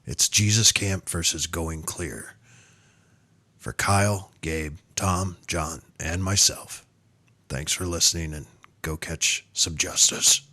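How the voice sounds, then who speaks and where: A man's voice: deep voice, slow pace, sharp tone. A man hosting a movie podcast, chatting casually and laughing often as he moves the show along. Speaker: podcast host. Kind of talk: casual chat.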